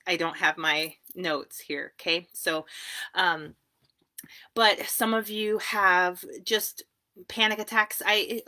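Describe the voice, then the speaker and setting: A woman therapist giving a casual live video talk from a small home closet, chatty and quick to laugh. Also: lowish voice. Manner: chatty, laughs easily, warm asides. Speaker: therapist and wellness coach.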